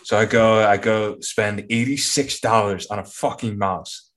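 A man co-hosting a casual podcast, talking in a low-key, rambling, relaxed way. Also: unhurried. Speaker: podcast co-host.

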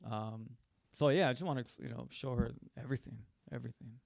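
Gravelly easygoing man on a podcast. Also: medium pitch, fairly even intonation, a little mellow, dry recording. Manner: halting, restarts and fillers, easygoing. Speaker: podcast co-host. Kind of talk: casual chat.

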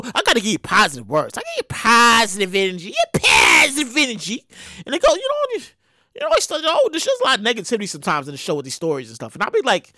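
A woman hosting her own show, giving animated, profane comedic commentary on news stories and repeating her words as she riffs. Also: a little high, fast talker, no echo, clean studio sound. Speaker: podcast host.

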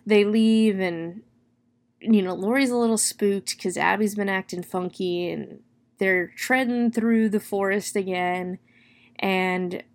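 A woman reviewing a book, casually retelling a grim plot with lots of "like" and "you know.". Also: medium pitch. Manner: chatty, with many "like" and "you know" fillers; expressive, dwelling on gory detail.

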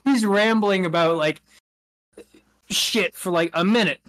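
A man's voice: high-pitched, measured pace, fairly bright tone. A man co-hosting a podcast, telling a rambling anecdote in casual chat, laughing often and acting out what people said. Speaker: podcast co-host.

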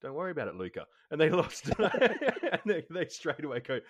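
A man's voice: on the high side, a little fast, slightly rough. A man in casual podcast chat, retelling game moments with lots of laughter. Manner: laughs a lot, lively retelling. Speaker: podcast co-host.

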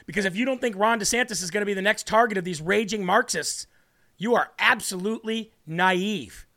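Speaking in a high, gravelly voice with a bright, forceful tone, a political commentary host addresses his audience directly, combative and emphatic. He slows down whenever he repeats his key points.

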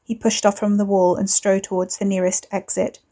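Mellow woman reading a story aloud. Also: medium pitch, flat delivery, fairly quick. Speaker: author and reader. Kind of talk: audiobook fiction narration.

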